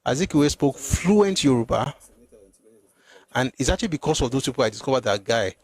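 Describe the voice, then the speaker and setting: A man hosting a live stream, answering viewer comments in an animated, exclamatory way, often repeating himself. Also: medium pitch, a little fast. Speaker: host.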